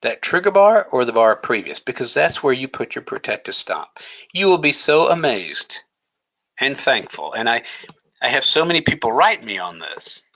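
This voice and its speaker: A man's voice: medium pitch, very animated, moderate pace, pushed and bright, rough recording. A man teaching a day trading lesson, coaching emphatically and asking rhetorical questions. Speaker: trading educator. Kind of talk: screen-share trading lesson.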